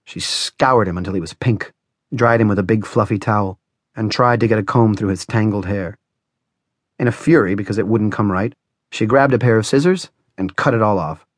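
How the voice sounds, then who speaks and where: Guy narrating an audiobook, lowish voice, dry close sound. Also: moderate pace, no echo. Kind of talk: scripted narration.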